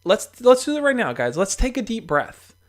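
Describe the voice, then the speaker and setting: A man's voice: extremely high pitch, sing-song, moderate pace. A young man hosting a livestream, giving casual, encouraging advice straight to his viewers, with fillers and restarts.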